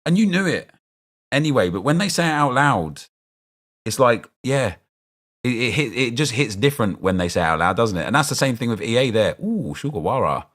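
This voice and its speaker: A young man streams a football game, chatting casually, rambling, and answering his viewers' chat as he reacts to picks. His medium-pitched, fairly bright voice is brisk and sing-song.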